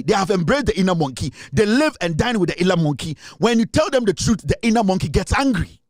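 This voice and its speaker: A man's voice: sits high, dry recording, studio quality. A man with a Ghanaian accent delivering a heated, scornful political rant, repeating himself and mixing in Twi. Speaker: political commentator.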